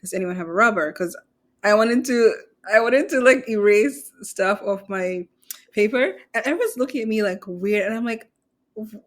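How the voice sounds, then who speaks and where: A woman's voice: a little high, lively intonation, normal speed. A young woman co-hosting a podcast, telling stories in a chatty way and laughing often. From Kenya or Zambia. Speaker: podcast co-host. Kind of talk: casual chat.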